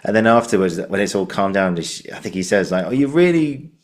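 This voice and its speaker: Low-voiced young man chatting loosely. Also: fairly even intonation, fairly quick. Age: young adult. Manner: rambling, many fillers and restarts, laughs often. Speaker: podcast host. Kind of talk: casual interview chat.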